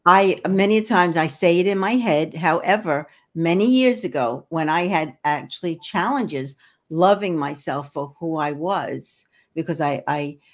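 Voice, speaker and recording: Low-voiced woman, earnest energy healer. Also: measured pace. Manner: earnest, encouraging, with frequent restarts. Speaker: guest, energy healer and hypnotherapist. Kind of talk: podcast interview conversation.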